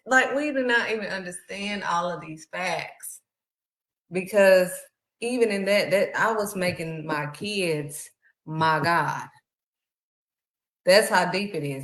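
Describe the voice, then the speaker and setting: A woman talks about faith in a chatty, preachy way, often calling the listener "honey." Her voice sits a little low. The room around her is echoey. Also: animated, measured pace. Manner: conversational, preachy, uses "honey". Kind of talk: casual faith talk.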